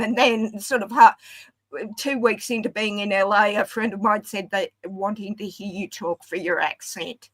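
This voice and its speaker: A woman's voice: mid-range voice, fairly even intonation, moderate pace, no echo, rough recording. A woman with an Australian accent, chatting casually and rambling with frequent laughs. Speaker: panel guest. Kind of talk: casual chat.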